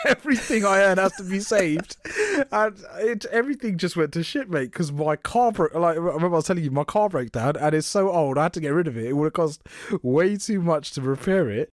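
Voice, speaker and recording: A man's voice: fairly high pitch, expressive, a little fast, no echo, clean studio sound. A young man co-hosting a podcast, animatedly retelling a story in casual chat and laughing often. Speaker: podcast co-host.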